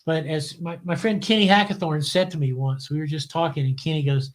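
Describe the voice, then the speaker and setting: A man's voice: fairly high pitch, fairly quick, few pauses. Older male guest, wry cynical storyteller, loose conversational delivery with frequent restarts. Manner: relaxed anecdotal storyteller, wry and cynical, repeats words as he restarts. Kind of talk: casual interview storytelling.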